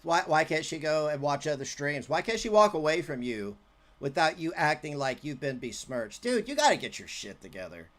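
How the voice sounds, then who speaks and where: A man's voice: fairly high pitch, sing-song, normal speed, fairly bright tone. A man streaming commentary on a clip, mocking and sarcastic, with frequent swearing.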